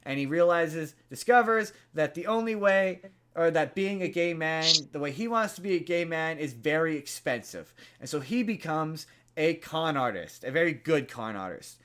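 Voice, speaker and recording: A man's voice: a little high, lively intonation, normal speed, fairly bright tone, clean tone. A man hosting a podcast, casually retelling a movie's plot in a rambling way, full of fillers and restarts. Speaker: podcast host.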